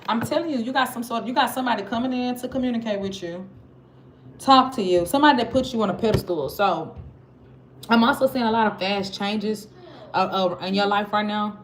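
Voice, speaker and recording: A woman reads tarot for her viewers in a relaxed, chatty, slangy manner, her Southern accent clear as she speaks straight to them. Her voice leans high and a little fast, and the track is noisy with clicks.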